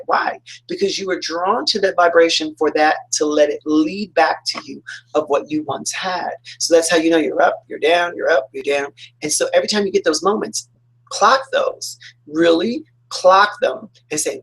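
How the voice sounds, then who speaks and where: A man giving a casual, enthusiastic motivational talk, rambling and acting out excited quotes. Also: on the high side, gravelly, husky, poor audio.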